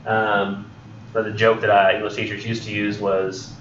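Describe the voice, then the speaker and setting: A man's voice: on the low side, flat delivery, normal speed, fairly bright tone, slight background noise. Rambling man lecturing in a roomy classroom. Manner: rambling, joking, many ums and self-corrections. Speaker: college English instructor. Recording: roomy, distant, dull lo-fi classroom recording.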